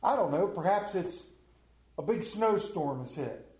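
Middle-aged male preacher, folksy storyteller, high voice, echoey hall sound. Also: lively intonation, a little slow, a little mellow. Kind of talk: sermon with storytelling.

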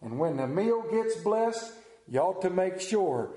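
A man's voice: high voice, big pitch swings, measured pace, dark tone, reverberant, rough recording. A man playing a folksy country farm man who recites a rhyme about supper in a hammy rural twang. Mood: boastful.

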